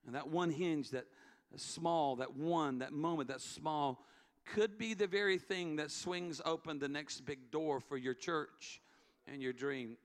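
A man's voice: fairly high pitch, a little slow. A middle-aged man, a pastor, telling a story in an earnest sermon, repeating key words for emphasis. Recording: long hall reverb, faint music. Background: faint music.

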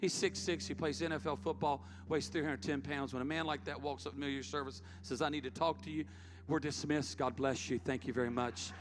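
A man's voice: fairly high pitch, fairly even intonation, a little fast. A middle-aged man, a pastor, telling a story in an earnest sermon, repeating key words for emphasis. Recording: long hall reverb, faint music. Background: faint music.

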